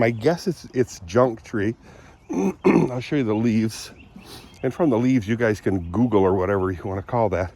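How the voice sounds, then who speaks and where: A man with a lingering cold giving a rambling, chatty outdoor walk-and-talk vlog on his farm, often clearing his throat and coughing. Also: medium pitch, darkish tone. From Southwest Michigan. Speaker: vlogger.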